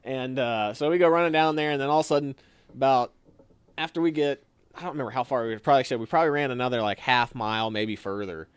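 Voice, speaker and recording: A young man casually telling a story, animated and acting out what others said. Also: fast, clear, resonant tone, dry recording. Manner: animated, acts out quotes with sudden higher shouts. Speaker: storyteller guest.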